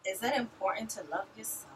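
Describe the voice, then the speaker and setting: A woman in a casual chat with friends, teasing them and cutting in with quick remarks. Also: medium pitch. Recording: distant laptop mic with loud background noise.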